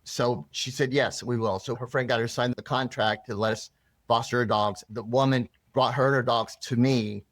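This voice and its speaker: A man's voice: medium pitch, steady tone, normal speed, no echo. A man being interviewed, earnestly telling a personal story with many restarts and rambling asides. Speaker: interview guest.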